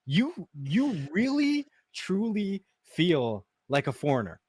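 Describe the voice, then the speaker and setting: A man from Canada with an average-pitched voice, talking frankly on a podcast and often sinking low and quiet when he reflects. The sound is dry and close. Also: wildly swooping pitch, slow, breathy edge, dry recording. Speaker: podcast co-host. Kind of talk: casual chat.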